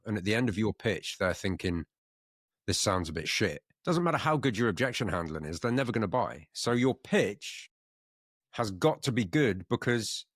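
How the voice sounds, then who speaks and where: A man with a very low, deep voice talks in a casual podcast. His manner is blunt and wry, with easy swearing. The sound is dry and close. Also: fairly bright tone, no room sound. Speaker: podcast co-host.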